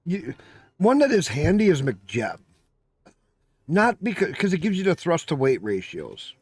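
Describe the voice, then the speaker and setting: Animated, swearing streamer man. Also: a little high, unhurried, husky, no room sound. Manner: emphatic, profane, exasperated rants. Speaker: live streamer. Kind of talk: casual live-stream chat.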